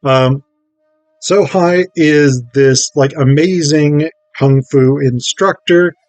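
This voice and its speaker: A man's voice: a little high, slow pace, a little mellow, dry recording, faint music behind, rough recording. A man casually summing up a film plot, rambling and wry, with lots of ums and uhs. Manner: rambling, filler-heavy, wry. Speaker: film reviewer.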